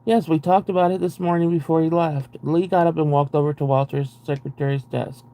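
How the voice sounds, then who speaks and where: A young streamer with a warm voice on the high side reads a book aloud fairly quickly in a steady tone. He stops between sections for exasperated, sarcastic commentary laced with swearing.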